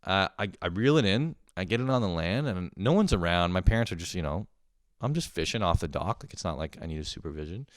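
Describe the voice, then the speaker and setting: A young podcast host with a low, expressive voice tells a rambling story fast in a casual monologue, swearing a lot and often laughing at himself. The recording is dry and studio quality.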